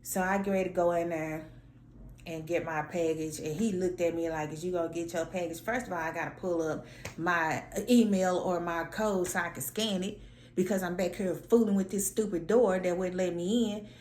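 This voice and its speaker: A woman vlogger telling a story in a sassy, animated, slangy way, acting out her own lines. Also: on the low side, moderate pace, reverberant, slight background noise. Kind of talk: casual storytelling rant.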